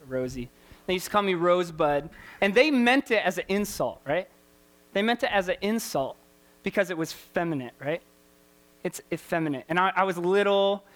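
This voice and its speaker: A man's voice: high-pitched, pushed and bright. A man preaching a sermon as a youth pastor, impassioned and repetitive, firing rhetorical questions at his listeners.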